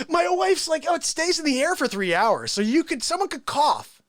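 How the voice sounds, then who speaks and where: A man hosting a live, unscripted stream from home, talking excitedly to his viewers. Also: very high voice, brisk, no echo, studio quality. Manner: animated, excitable, chatty with viewers. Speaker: live show host.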